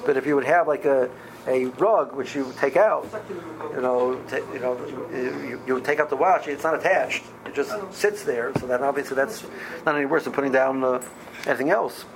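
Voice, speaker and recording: A man, teaching a halacha class in a halting way, with many ums and restarts. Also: mid-range voice, vocal fry, crowd noise, poor audio. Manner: halting, many ums and restarts, mixes Hebrew and Aramaic terms. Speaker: Torah teacher. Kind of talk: halacha class explaining Jewish law.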